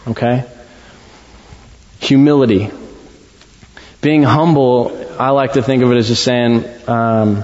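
Halting, chatty man preaching in a hall. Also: mid-range voice, steady tone, a little mellow. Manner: conversational, halting, many restarts. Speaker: pastor. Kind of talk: sermon. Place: church sanctuary. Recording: dull sound in a long-echo hall.

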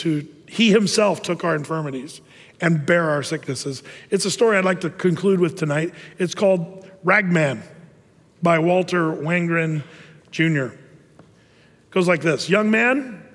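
A man with a high voice delivers an earnest sermon, drawing out key words for emphasis. His voice rings with a long hall reverb. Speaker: preacher. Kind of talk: sermon with a story reading.

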